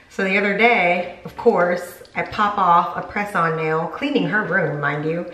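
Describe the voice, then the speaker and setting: A woman's voice: on the low side, normal speed, hardly any pauses, a bit bright. A young woman chatting casually through a hair tutorial at home, rambling and poking fun at herself. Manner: chatty, rambling, self-mocking. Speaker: beauty vlogger. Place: home room. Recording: echoey room.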